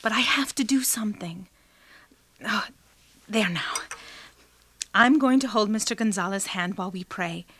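An actress playing a devout young nurse in a radio drama, earnest and fervent. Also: female voice, medium pitch, unhurried, long pauses, a bit bright.

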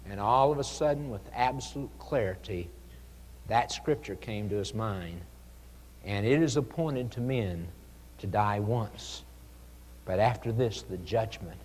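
A man preaching an evangelistic sermon, earnest and pleading, with dramatic pauses. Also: on the low side. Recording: long hall reverb.

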